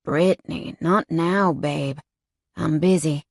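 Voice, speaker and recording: A woman voicing a cocky, flirtatious male biker who teases with a slow drawl. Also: deep voice, gravelly, no echo, studio quality, exaggerated voice. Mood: gruff. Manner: teasing drawl, calls her sugar.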